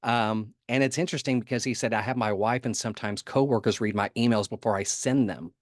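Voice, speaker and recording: A man's voice: mid-range voice, steady tone, a little fast, dry recording, clean studio sound. A man giving a conference talk in a casual, humorous way, often laughing and putting on voices for quotes. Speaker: conference speaker.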